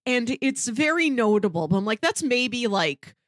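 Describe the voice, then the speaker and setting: In a dry recording, a female podcast co-host banters at a moderate pace. Her delivery is animated, full of laughter, and ranges widely in pitch.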